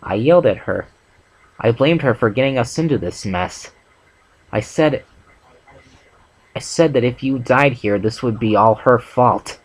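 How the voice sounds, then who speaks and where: Dude doing a shy gentle pony girl, just a bit higher than his normal voice. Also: lively intonation, measured pace, pauses often. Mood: pleading. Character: timid gentle female pony, pleading. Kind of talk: amateur fanfic reading.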